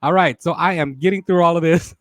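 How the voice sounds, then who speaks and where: Male stream host, playful and chatty, fairly high voice, dry webcam sound. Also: fairly quick, dry recording, faint music behind. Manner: playful, laughs often, says y'all a lot. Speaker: talk show host. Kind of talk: live stream chat with shout-outs.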